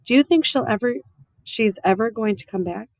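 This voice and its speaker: A woman's voice: on the high side, a little fast, no room sound, studio quality, close to an everyday voice. A woman voicing a spirited, stubborn young girl who talks in a raised, emphatic way. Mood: tender.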